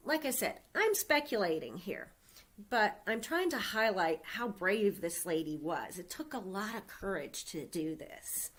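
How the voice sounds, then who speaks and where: A woman's voice: lowish voice, a bit bright. A woman giving a Sunday message, retelling a scripture story in a casual, conversational way with asides to the congregation. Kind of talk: storytelling sermon.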